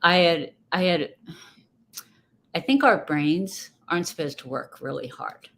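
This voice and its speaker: A woman's voice: fairly low pitch, measured pace, fairly bright tone. A woman guest speaking in a casual interview, reflective and rambling, often restarting her thoughts. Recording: faint background noise.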